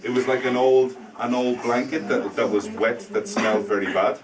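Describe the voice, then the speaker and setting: A man telling a spooky story live to a classroom of language students, dramatic and dropping to a hush for suspense. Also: medium pitch, little pitch movement, moderate pace, a crowd in the background. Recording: distant mic, faint room noise.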